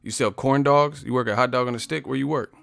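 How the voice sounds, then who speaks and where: A man's voice: mid-range voice, steady tone, quick pace, gravelly, a bit bright, clear, resonant tone, dry recording. A man hosting a live stream, confrontational and profane as he roasts the commenters in his chat. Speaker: livestream host.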